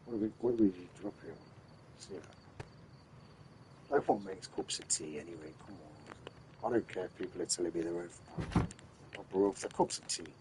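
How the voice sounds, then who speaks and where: A man's voice: low-pitched, a little fast, long pauses, background noise. A man giving rambling, casual commentary as he plays a game late at night, tired and repeating himself while handing out tips. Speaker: gamer streaming his play.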